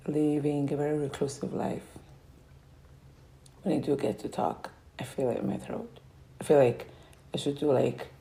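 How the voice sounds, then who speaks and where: Low gravelly woman with a sore throat. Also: warm tone, low-quality recording. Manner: meandering, reflective, trailing off. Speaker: vlogger. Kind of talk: casual life update monologue.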